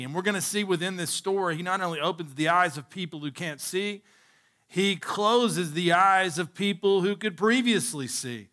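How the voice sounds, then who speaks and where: A male pastor delivers a sermon with a bright, forceful voice pitched a little high. He preaches emphatically, pausing to pose rhetorical questions to his listeners.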